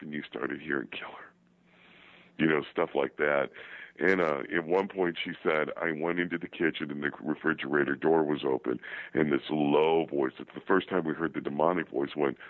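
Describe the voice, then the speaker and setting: A man with a very low voice talks casually as an interview guest, rambling and repeating himself with many fillers. The audio is dry and dull, with a lo-fi sound and no room echo. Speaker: paranormal investigator guest.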